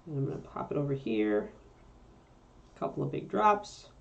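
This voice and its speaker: A woman with a low voice talks through a painting lesson as she works. She chats easily, often pausing on fillers to think while she mixes colors at her painting desk. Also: very animated, vocal fry, dull audio. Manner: chatty, thinks aloud with fillers while working. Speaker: miniature painting instructor. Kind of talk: casual painting tutorial.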